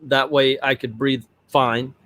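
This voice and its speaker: A man's voice: mid-range voice, takes it slowly, no echo. Middle-aged man rambling through a story. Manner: rambling, animated retelling. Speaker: vlog host. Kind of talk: casual storytelling vlog.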